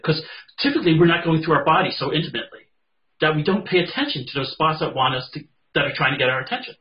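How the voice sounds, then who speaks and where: A man's voice: on the high side, quick pace. Chatty male meditation teacher on a call. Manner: gentle, chatty, acts out inner voices. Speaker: meditation teacher leading a group video call. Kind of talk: casual group guidance. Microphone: video call. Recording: dull lo-fi video call audio.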